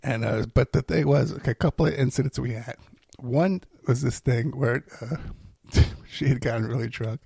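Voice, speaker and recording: A man's voice: medium pitch, moderate pace, gravelly, darkish tone, slightly rough, no room sound, studio quality. A man telling personal stories in a rambling, casual way, laughing between lines and using many fillers. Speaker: storyteller. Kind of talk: casual storytelling.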